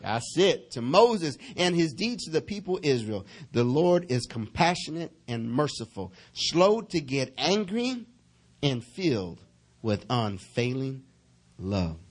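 A middle-aged male pastor delivering a sermon, his pitch swinging widely as he preaches. He reads scripture slowly, stretching the words as his intensity builds. He calls on the congregation to repeat after him and answer back. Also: very animated. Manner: preaching with swelling intensity, slow drawn-out reading of verses.

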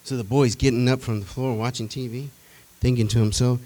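Animated male preacher, folksy and conversational, who keeps questioning the congregation. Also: mid-range voice, fairly quick, low-quality recording. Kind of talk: sermon.

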